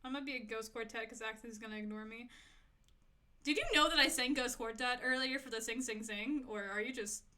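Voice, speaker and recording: Chatty young woman streamer, bright voice. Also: a little high, fairly even intonation, fairly quick. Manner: chatty, self-talking, giggly, rambling to chat. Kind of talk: casual live-stream chat while gaming.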